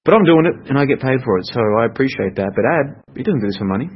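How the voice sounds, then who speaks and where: A man's voice: mid-range voice, expressive, rapid-fire. Man, podcast host, chatty, self-correcting, muffled lo-fi audio. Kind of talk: casual solo podcast chat. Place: home room. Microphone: computer mic. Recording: dull lo-fi audio with faint noise.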